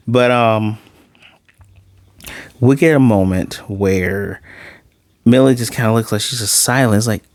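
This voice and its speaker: A man walks through an anime episode in a loose, chatty review, with a voice that sits a little low. He retells scenes in an animated way, leaning on "like" and stumbling into restarts. The sound is dry and close, with no room around it. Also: no echo.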